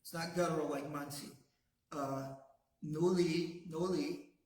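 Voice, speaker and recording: A man teaching a language class, pronouncing each word slowly and patiently so the class can repeat it back. His voice sits a little high for a man. The room around him is strongly echoey. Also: fairly even intonation, darkish tone. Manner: slow and patient, says words for the class to repeat. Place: classroom, also streamed to a video call.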